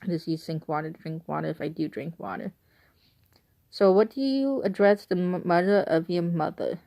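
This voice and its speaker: A woman's voice: on the low side, normal speed, vocal fry, warm tone. A woman with an Illinois accent, chatting casually through an accent-tag vlog with rambling, giggly asides. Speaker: vlogger.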